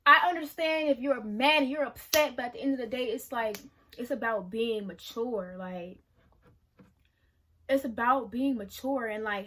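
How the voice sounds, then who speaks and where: A woman's voice: fairly high pitch, moderate pace, sharp tone. A woman of about twenty telling her side of a story to camera in a casual, emotional vlog, speaking frankly and swearing freely. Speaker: vlogger.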